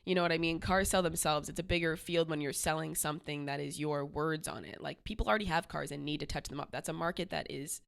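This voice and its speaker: A woman's voice: deep voice, fast, vocal fry, few pauses. A woman from the Boston area co-hosting a podcast, talking in a direct, casual way with lots of fillers. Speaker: podcast co-host. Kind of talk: casual chat.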